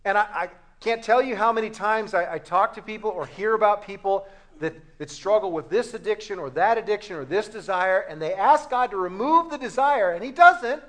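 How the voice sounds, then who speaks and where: A man preaching a sermon as a pastor, animated and rhetorical, acting out short dialogues. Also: high voice, moderate pace.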